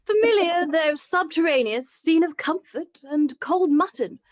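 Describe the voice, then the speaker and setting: A woman reading the part of a comic, florid soldier suitor in an old-fashioned stage script. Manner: mock-grand, old-fashioned lower-class diction. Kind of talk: script read-through.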